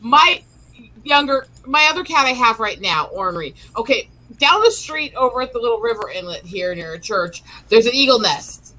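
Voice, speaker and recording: A woman chats casually as co-host of a laid-back stream. Her voice sits a bit high and rings bright and forward. She rambles from one pet anecdote to the next, backing up and restarting her sentences as she goes. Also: animated, normal speed, poor audio. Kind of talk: casual chat.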